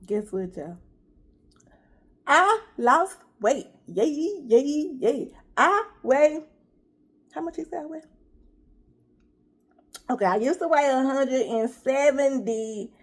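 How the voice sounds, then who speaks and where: A woman's voice: high-pitched, lively intonation, takes it slowly, pauses often. A middle-aged woman vlogger chatting casually while she eats, telling a story straight to her viewers. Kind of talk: casual eat-with-me chat.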